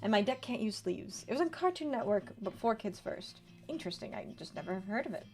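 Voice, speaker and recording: A woman's voice: medium pitch, expressive, brisk, darkish tone. A woman in her twenties chatting casually on a livestream, reading card text aloud and answering her chat. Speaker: streamer. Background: faint background music.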